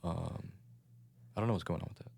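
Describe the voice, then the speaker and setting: A man's voice: low voice, brisk, gravelly, a little mellow, no room sound. A man with a sore throat co-hosting a podcast in laid-back, joking late-night chat. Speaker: podcast co-host.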